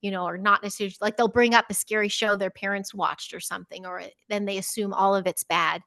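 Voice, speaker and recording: A middle-aged woman and teacher, chatting as a podcast guest, telling lively stories and acting out children's voices with frequent laughter. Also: medium pitch, fast, no room sound. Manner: animated storyteller, acts out children's voices, laughs often. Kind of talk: casual interview chat.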